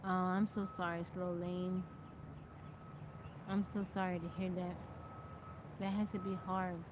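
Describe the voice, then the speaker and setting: Streaming live from outdoors in nature, an American woman chats casually, welcoming each viewer by name and thanking them. She speaks a little slowly in a lowish voice with little pitch movement, and there's background noise.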